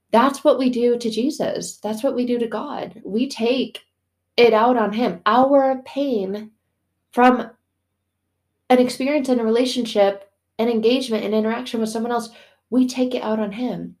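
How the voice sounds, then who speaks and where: A middle-aged woman hosting a casual faith podcast, talking animatedly and slipping into playful quoted voices. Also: on the high side. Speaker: podcast host.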